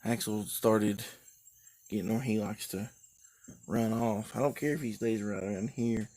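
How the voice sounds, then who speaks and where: A man's voice: lowish voice, steady tone, a little slow, dark tone. A tired, drowsy man chatting casually on a live stream while sitting outdoors on his porch, rambling in a laid-back way. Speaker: livestream host.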